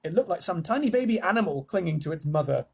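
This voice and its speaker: Expressive male storyteller reading aloud for kids, slightly raspy tone, chatty asides. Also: high voice, quick pace. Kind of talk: reading a children's book aloud on a live stream.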